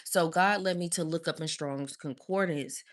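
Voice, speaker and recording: A woman with a low, voice preaches to her live-stream audience. She speaks with emphatic conviction and calls her listeners "y'all". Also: normal speed.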